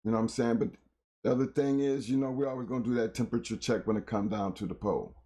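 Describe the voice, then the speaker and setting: A middle-aged man hosting a casual talk show, hoarse from a recent illness, rambling in loose slang with lots of fillers. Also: mid-range voice, steady tone, quick pace, dark tone.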